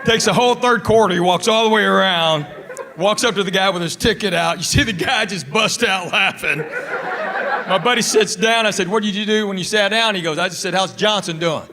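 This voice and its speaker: A man doing a stand-up routine on a theater stage, telling stories with animated punchlines. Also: sits high, a little fast, crowd noise, background noise. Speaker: stand-up comedian. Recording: reverberant theater sound.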